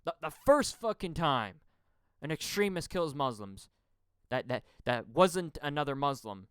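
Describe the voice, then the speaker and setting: A man's voice: a little high, very animated, a little slow, smooth, no room sound. Stammering, heated man ranting. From Canada. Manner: profane, stammering, repeats words when heated; shifts between loud outbursts and muttering. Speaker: podcast host. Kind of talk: angry political rant.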